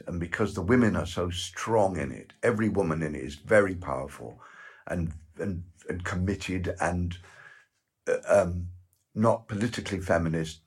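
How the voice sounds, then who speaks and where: A man from the West Country of England with a West Country accent, a guest actor telling rambling stories with halting repeats in an interview. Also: low voice, husky. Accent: West Country English. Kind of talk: anecdotal interview chat.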